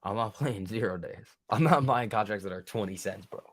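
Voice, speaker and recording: A man with a lowish, slightly fast voice hosts a live day-trading stream. His commentary is casual, profane and joking, and he banters with his chat.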